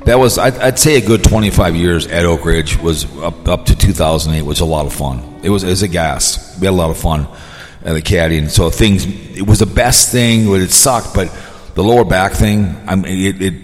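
A man's voice: deep voice, normal speed, long reverb tail, faint music behind. A man hosting his own podcast, talking in a rambling, aggrieved way with lots of restarts. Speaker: podcast host. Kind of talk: rambling livestream podcast talk.

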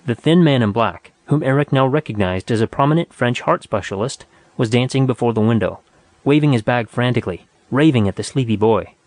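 Man reading a story, steady and dry. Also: medium pitch, fairly quick, no room sound. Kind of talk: audiobook narration.

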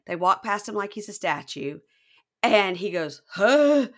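A woman's voice: fairly low pitch, moderate pace. A woman podcast host recapping a reality show in casual chat, acting out quotes. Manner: animated retelling, acting out quotes.

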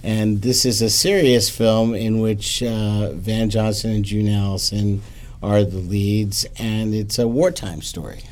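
A man's voice: lowish voice, unhurried. A man co-hosting a casual chat about classic films, who likes to share trivia with the listeners. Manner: lively, shares film trivia. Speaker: podcast host.

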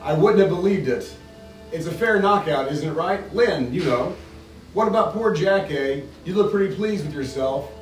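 A man's voice: on the high side, lively intonation, moderate pace, faint music behind, voice pushed up, natural voice. A man reading as a blustering, resentful ghost. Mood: indignant. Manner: indignant, emphatic reading aloud. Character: blustering resentful male ghost, self-righteous. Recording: roomy, distant mic.

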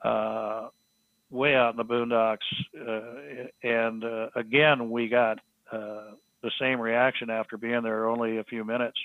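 A man telling a story as a podcast guest, halting with frequent restarts and fillers. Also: mid-range voice, flat delivery, dry recording. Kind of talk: storytelling in casual conversation. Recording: tinny phone-line sound, dry.

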